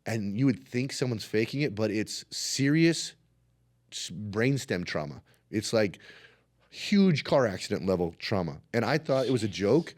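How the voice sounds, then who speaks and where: This martial arts instructor talks at an unhurried pace in a lowish voice, sharing stories during a casual interview. He stays animated, acting out what the people in his stories said.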